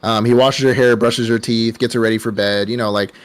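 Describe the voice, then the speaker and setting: A man's voice: medium pitch, steady tone, a little fast, smooth. A young man hosting a casual anime podcast, retelling a show in a rambling, profane way full of fillers. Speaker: podcast host.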